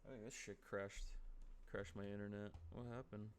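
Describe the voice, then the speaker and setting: A man's voice: on the low side, steady tone, moderate pace, a little hiss or hum. A man streaming from home, improvising a comedic role-play scene in a casual, playful, profane way.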